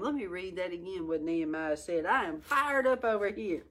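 A woman's voice: lowish voice, expressive, normal speed, a bit bright. A middle-aged woman teaching a Bible study, reading scripture and exhorting her listeners with fiery energy. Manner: fiery, exhorting, breaks into laughter and exclamations.

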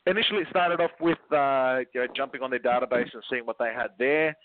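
A man's voice: medium pitch, quick pace. A man with an Australian accent, talking brashly and cheekily as a guest on a phone interview. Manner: brash, cheeky, laughs often. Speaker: guest recruiter. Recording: tinny phone line.

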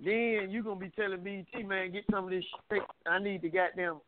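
A man's voice: high-pitched, steady tone, brisk. Teasing, profane man on a phone line. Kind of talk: heated trash-talk call-in show. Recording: phone-line audio with loud background noise.

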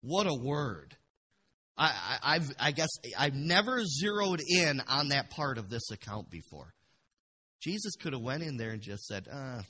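A man pastor preaching a passionate sermon in a church, dropping to a hush and then rising to loud bursts. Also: medium pitch, lively intonation, unhurried, breathy edge. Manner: passionate, swings from hushed to loud.

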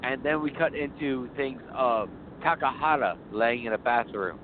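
A man's voice: mid-range voice, moderate pace, background noise. A man co-hosting a casual horror film podcast, rambling and swearing freely as he recaps scenes and often laughs. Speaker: podcast co-host. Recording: phone-like, narrow sound.

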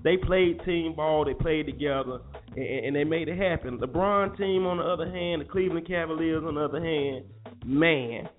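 A man's voice: a little high, moderate pace. A man hosting a morning show, ranting about sports in a heated, profane, repetitive way. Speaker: show host. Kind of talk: casual sports rant. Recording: tinny phone-like audio with faint music.

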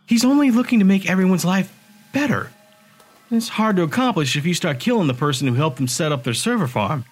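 A man voicing a sharp-tongued young woman bartender and hacker, talking bluntly and casually in an audiobook. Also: high voice, lively intonation, a little fast, pitched above the performer's own voice. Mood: reproachful.

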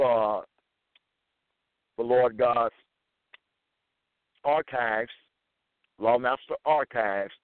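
A man giving a deliberate scripture lecture and quoting verses with stress. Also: medium pitch, smooth, no echo. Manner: slow, deliberate, quotes verses with emphasis. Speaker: religious teacher. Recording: tinny phone-like sound.

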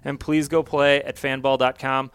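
A man hosts a casual podcast. His voice is smooth and resonant at a middle pitch. The sound is dry and close on a studio mic, and he rambles easily with plenty of fillers. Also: moderate pace, dry recording. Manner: relaxed, rambling, many fillers. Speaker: podcast host.

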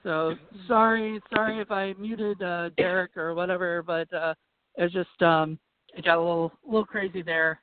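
A man's voice: high-pitched, fairly even intonation, moderate pace, no echo. A man with a Virginia accent co-hosting a casual podcast chat, rambling with lots of fillers and laughing easily. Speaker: podcast co-host. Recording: tinny phone-like call audio.

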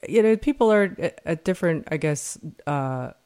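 A woman hosts an interview with a smooth, clear voice. She asks her questions in a searching way, full of fillers and restarts. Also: on the low side, animated, normal speed, a little mellow. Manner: hesitant, many fillers and restarts. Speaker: host. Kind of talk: casual interview chat.

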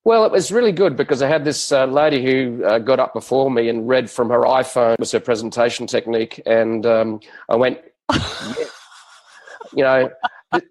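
A man in his fifties with an Adelaide Australian accent, a guest on a live podcast, relaxed and joking. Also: medium pitch, fairly quick, poor audio. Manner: relaxed, easygoing, joking with laughs.

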